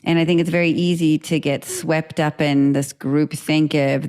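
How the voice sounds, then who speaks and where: A woman's voice: sits low, flat delivery, slow, few pauses, a little mellow, clean tone. A woman hosting an educators' podcast, reflecting thoughtfully on what her guest said. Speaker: podcast host. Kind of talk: reflective interview chat.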